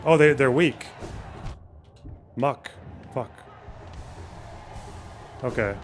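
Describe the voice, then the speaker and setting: Slow-talking man swearing through a game. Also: medium pitch, faint music behind. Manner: swears constantly, panicky running reactions. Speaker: streamer. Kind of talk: live gameplay commentary.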